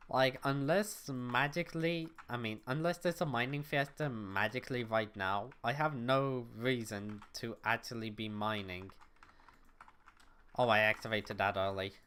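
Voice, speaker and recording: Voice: medium pitch, fairly bright tone, clear, resonant tone. A young adult livestreamer at home, chatting casually with viewers and thinking aloud while playing. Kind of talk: casual gaming stream chat. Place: at home, neighbors next door.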